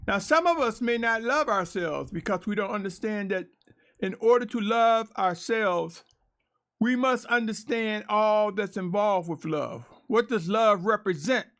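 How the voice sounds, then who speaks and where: A man preaching a sermon and reading scripture aloud, earnest and emphatic, with drawn-out pauses. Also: sits high, fairly bright tone.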